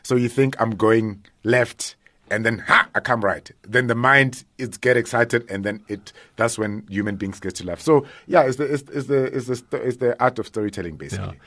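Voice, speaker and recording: A man, a stand-up comedian talking casually in a radio interview, animated and often laughing. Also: mid-range voice, moderate pace, dry recording. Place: radio studio.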